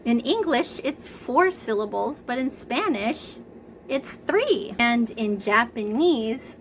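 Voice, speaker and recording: A woman teaching a preschool lesson to children, speaking slowly with exaggerated enthusiasm. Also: fairly high pitch, slight background noise.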